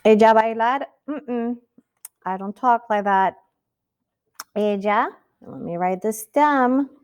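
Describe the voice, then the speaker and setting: A woman's voice: medium pitch, takes it slowly, clean tone. A woman teaching a Spanish lesson, speaking patiently and asking the listener rhetorical questions. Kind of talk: recorded classroom lesson.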